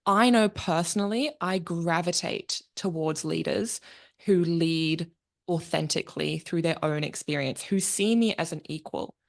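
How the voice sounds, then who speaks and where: A woman's voice: on the low side, a little slow, vocal fry. A young woman hosting a podcast, chatting candidly and reflectively, laughing easily. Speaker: podcast host. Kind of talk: casual interview chat.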